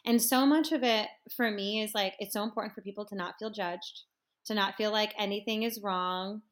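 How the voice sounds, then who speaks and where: A woman in her thirties who works as a massage and yoga therapist chats casually on a podcast, speaking at medium pitch and normal speed. She's an animated storyteller who acts out her clients' voices.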